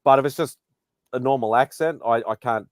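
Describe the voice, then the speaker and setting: An Australian man hosting a casual online panel, speaking at an average pitch. His delivery is easygoing and a little halting. The sound is dry and close, with no room echo, from a home mic. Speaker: host. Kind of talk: casual chat.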